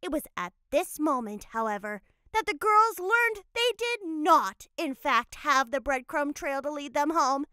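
A cheerful cat mother telling a cartoon storybook tale, her voice very high, bright and lively as it rises and falls. She narrates with unhurried playfulness, close and dry. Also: no echo, heavily acted.

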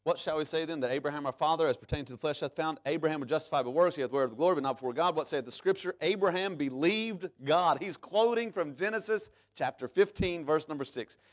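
Male pastor in church, fairly high voice, loud bursts then hushed lines. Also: fast talker, few pauses. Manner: preaching with loud emphatic peaks and sudden quiet drops; reads scripture aloud in King James English. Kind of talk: sermon.

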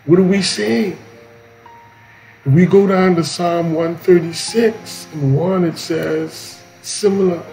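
Male preacher for a morning devotion; unhurried, emphatic, repeats refrains, light guitar underneath. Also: high voice, fairly even intonation, a little mellow, low-quality recording. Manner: slow, emphatic, repeats key lines.

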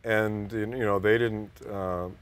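An older man with a fairly low voice sits in as an interview guest. He talks in a relaxed, casual way and drifts through rambling anecdotes. He slips into other people's voices as he tells them. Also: slow pace.

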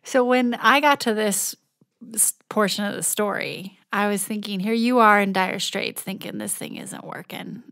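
Female podcast host, casual, slightly gravelly voice, mid pitch. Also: moderate pace, fairly bright tone. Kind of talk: casual interview chat.

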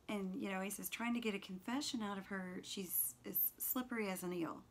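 A woman's voice: medium pitch, normal speed, few pauses, breathy edge. Chatty woman teacher explaining a novel. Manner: conversational, fillers and self-corrections. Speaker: literature teacher. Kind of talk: lecture with read-aloud passages.

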